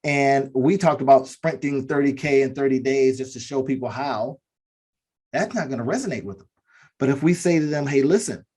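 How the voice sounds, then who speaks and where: A man on a business podcast talks in an earnest, sermon-like way, circling back to his key lines again and again. His voice is husky and a little rough, sitting at an ordinary middle pitch. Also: darkish tone. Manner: earnest, preachy, repeats key phrases. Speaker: podcast co-host. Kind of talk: motivational business talk.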